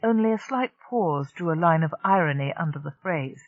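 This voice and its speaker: A steady audiobook narrator carrying a science-fiction story with even, composed delivery. The voice sits mid-pitch, recorded dry and close, with a slightly dull, lo-fi sound. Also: fairly quick, hardly any pauses, no room sound.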